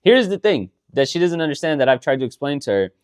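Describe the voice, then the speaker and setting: Animated, swearing male podcast co-host. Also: on the high side, fast talker, clean tone, dry recording, clean studio sound. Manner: rambling, animated, swears often. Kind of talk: casual chat.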